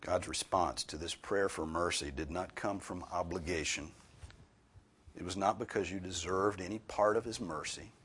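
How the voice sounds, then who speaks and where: A man preaching an expository sermon, stressing key words loudly and dropping some phrases to a hushed near-whisper. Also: low-pitched, normal speed, breathy edge.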